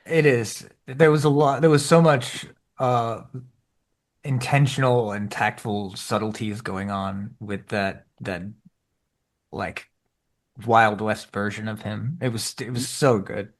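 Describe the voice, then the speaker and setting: A man co-hosting a podcast in casual chat, animated, jumping up in pitch when he acts out his own reactions. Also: takes it slowly. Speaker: podcast co-host.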